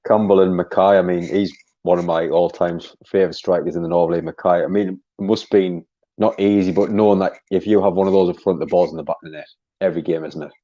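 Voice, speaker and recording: A man's voice: low-pitched, fairly even intonation, fast talker, dark tone, dull audio. A man hosting a casual interview, chiming in with chatty, enthusiastic asides. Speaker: show host.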